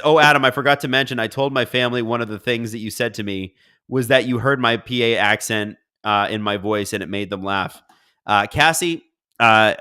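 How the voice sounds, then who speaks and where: A man's voice: mid-range voice, bright, forceful tone, clean tone. A man hosting a casual live stream, reading viewer comments aloud and riffing on them in a chatty way. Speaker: livestream host.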